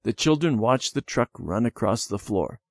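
A man reading a children's storybook aloud with gentle, expressive storytelling. His pitch moves a great deal, and the recording is dry and close. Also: moderate pace, creaky, no room sound. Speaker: narrator.

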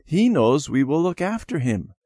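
A man's voice: fairly high pitch, very animated, normal speed, mellow, dry recording, studio quality, voice pushed up. A man doing an earnest young boy. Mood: reassuring. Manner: earnest, reassuring. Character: young boy, steady and reassuring.

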